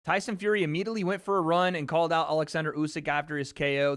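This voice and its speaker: Bright, joking livestream host man. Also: fairly high pitch, dry recording, clean studio sound. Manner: joking, profane, quick asides to chat. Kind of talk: casual livestream commentary. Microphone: streaming microphone.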